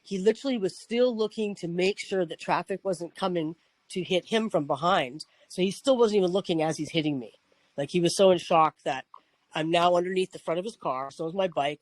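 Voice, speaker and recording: A podcast host, male, tells a personal story on his talk show, rambling casually, restarting often and swearing. His pitch is fairly high, and the rough recording has no echo.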